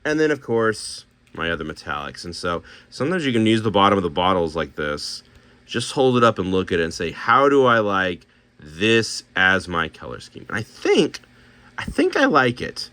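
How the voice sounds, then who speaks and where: A man's voice: lowish voice, wildly swooping pitch, fairly quick, a bit bright, no room sound. A man casually thinking aloud as he shows paints and miniatures, talking himself through color choices with many restarts.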